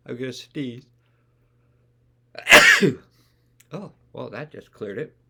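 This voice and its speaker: A man's voice: lowish voice, gravelly, sharp tone. A man, a life coach, talking casually to camera about emotions, rambling with restarts and acting out inner voices. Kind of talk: casual self-help video talk.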